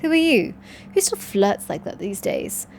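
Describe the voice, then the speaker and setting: A woman reading game dialogue aloud, voicing a blunt, sharp-tongued young woman researcher who is secretly socially awkward. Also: medium pitch, very animated, measured pace, creaky, slight background noise. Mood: brusque. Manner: curt and prickly, turning flustered.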